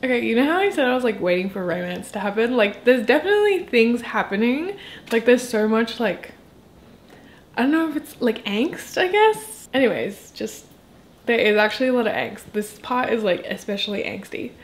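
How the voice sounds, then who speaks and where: A woman's voice: on the high side, lively intonation, fairly quick. A young woman chatting casually in a vlog about books, rambling and enthusiastic with lots of filler words. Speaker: book vlogger.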